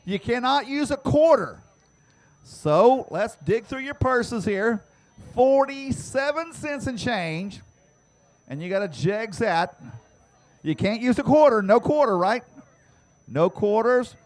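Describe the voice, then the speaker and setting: High-voiced guy hyping the crowd at a dirt track, teasing folks, shouting into a handheld mic outside. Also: animated. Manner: loud, teasing, drawn-out shouting. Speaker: track announcer giving away prizes. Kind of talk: playful crowd giveaway on PA. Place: outdoor dirt racetrack.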